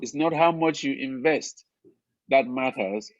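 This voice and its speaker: A man's voice: mid-range voice, a little slow. A man co-presenting in an urgent, persuasive way, pressing the listener to act and repeating words for emphasis. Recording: dull dry lo-fi sound.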